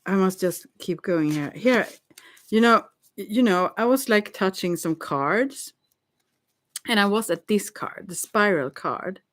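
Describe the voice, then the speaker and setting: A woman's voice: medium pitch, expressive, a little slow. A woman rambling in a casual monologue, musing dreamily, giggling and stammering with frequent restarts.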